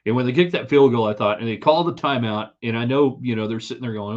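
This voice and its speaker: A man's voice: medium pitch, fast, few pauses. A man hosting a live sports stream, giving chatty, opinionated commentary that rambles with restarts. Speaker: sports podcast host. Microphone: streaming setup mic. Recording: slightly dull lo-fi stream audio.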